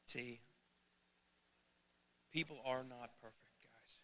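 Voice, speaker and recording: A man's voice: medium pitch, steady tone, takes it slowly, fairly bright tone. A middle-aged man preaching a sermon as youth pastor, earnest and emphatic, speaking straight to his listeners.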